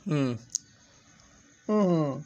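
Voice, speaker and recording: A man's voice: a little high, expressive, drawn-out words, mellow. A Pakistani man teaching spoken English in a casual lesson, laughing often and repeating words to show how they sound. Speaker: English speaking tutor.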